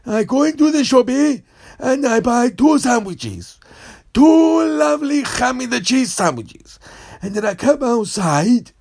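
A man voicing a slow, simple-minded man from Crete in a comedy sketch, who keeps repeating his own name. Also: very high-pitched, sing-song, vocal fry, darkish tone, husky, voice pushed up, heavily acted. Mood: dopey.

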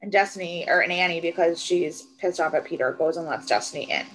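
Woman recapping a TV episode, low-ish voice. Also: fast, a little hiss or hum, poor audio. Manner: animated retelling with swearing and acted quotes. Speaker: podcast co-host. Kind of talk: casual chat recapping a TV episode.

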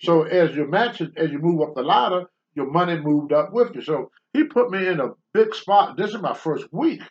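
A man's voice: on the high side, normal speed, muffled recording. A man telling stories from his wrestling career in casual, blunt talk, acting out the people he quotes. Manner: animated, acts out the voices of the people he quotes; blunt, rough language. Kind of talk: casual spoken storytelling.

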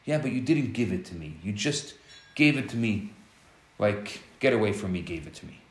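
Hurt wife, soft and pleading, slow-paced, as a man puts her on; echoey room. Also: mid-range voice, animated, close to an everyday voice. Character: hurt wife wanting affection.

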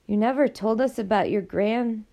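A woman reading an audiobook, voicing a quiet young girl who gently reproaches a friend, in a gravelly voice. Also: fairly high pitch, normal speed, lightly acted. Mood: reproachful.

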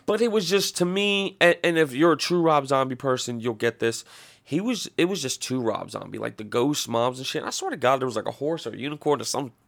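A man's voice: mid-range voice, lively intonation, a little fast, vocal fry, a bit bright. A man hosting a podcast, ranting casually with heavy swearing and a rambling flow. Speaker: podcast host. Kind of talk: casual profane rant.

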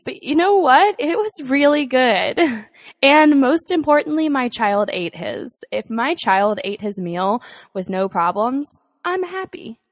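A woman's voice: high voice, lively intonation, a little slow. A young woman co-hosting a podcast, chatting casually about her morning, laughing often and swearing now and then. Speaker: podcast co-host. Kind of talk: casual chat.

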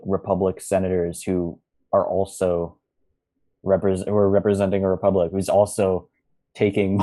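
A man co-hosting a podcast, speaking in a measured, thoughtful way with halting restarts. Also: deep voice, mellow. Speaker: podcast co-host. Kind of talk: casual podcast discussion.

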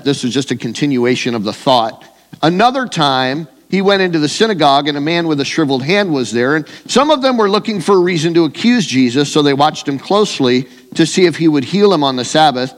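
A pastor talks his congregation through scripture in an easy conversational sermon, often stopping to restart a thought. His voice sits a touch high for a man. A long hall reverb trails each phrase. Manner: conversational preaching with fillers and restarts.

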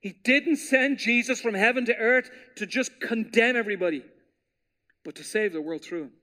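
A man preaching a sermon as pastor, animated and storytelling, acting out quotes with playful voices. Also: very high-pitched, normal speed.

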